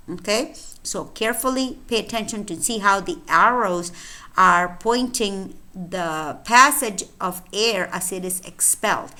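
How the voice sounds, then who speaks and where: A woman teacher lecturing to her students in a bright, clear voice. She takes her time, explaining step by step and checking in with them as she goes. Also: mid-range voice. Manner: careful, deliberate explaining with check-in "okay?". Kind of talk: recorded phonetics lecture.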